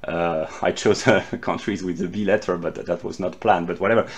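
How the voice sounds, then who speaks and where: A man from France with a French accent, speaking English as a second language and giving an unscripted philosophy lecture, often halting and repeating words. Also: deep voice, steady tone.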